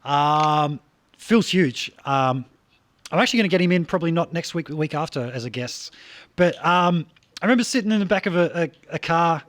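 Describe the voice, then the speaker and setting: A man hosting a podcast in casual chat, telling stories fast with stutters and restarts. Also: fairly high pitch, expressive, no room sound. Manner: quick, stuttering storyteller. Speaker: podcast host.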